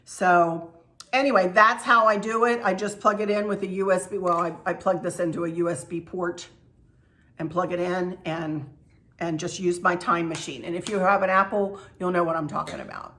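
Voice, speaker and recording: A woman's voice: lowish voice, fairly even intonation, normal speed. Woman, middle-aged, casual home vlog, rambling, effusive. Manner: chatty, rambling, warm and effusive. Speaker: channel host. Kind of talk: casual chat to camera.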